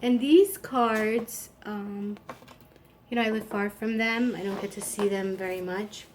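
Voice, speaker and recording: A woman's voice: medium pitch, steady tone, measured pace, a little hiss or hum. A woman in her thirties hosting a live stream, casual and rambling, with lots of "like". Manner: chatty, rambling, frequent "like". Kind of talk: casual chat.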